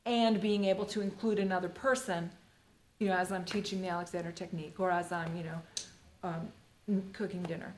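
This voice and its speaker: Chatty middle-aged woman teacher, echoey room. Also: mid-range voice. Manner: rambling, playful and chatty, full of "you know" and "like". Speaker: Alexander Technique teacher. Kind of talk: live-streamed workshop teaching. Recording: roomy echo with faint ambient noise.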